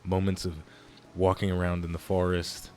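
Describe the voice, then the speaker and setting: A low-voiced man narrating his own playthrough in a loose, rambling way. He gets excited at sudden moments and restarts his sentences often. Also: normal speed, clean tone. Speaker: let's play host. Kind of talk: casual gameplay commentary.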